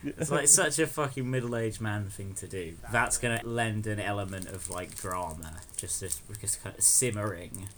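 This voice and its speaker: A man's voice: on the low side, moderate pace, hardly any pauses, a bit bright. A young man co-hosting a podcast, chatting casually with a sardonic, laughing manner. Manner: sardonic, swearing, laughs often. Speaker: podcast co-host. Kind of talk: casual chat.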